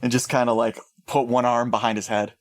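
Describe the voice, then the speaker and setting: A man's voice: mid-range voice, flat delivery, brisk. A man playing a character in a tabletop game, talking in a brash, confident way. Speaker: player. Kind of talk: tabletop role-play, in character.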